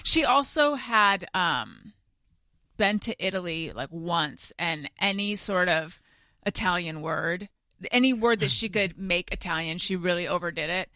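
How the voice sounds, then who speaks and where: A woman tells chatty anecdotes in a casual podcast chat. Her voice is bright and sits at a middle pitch. The sound is dry and close. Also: expressive, a little slow, no room sound. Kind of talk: casual storytelling.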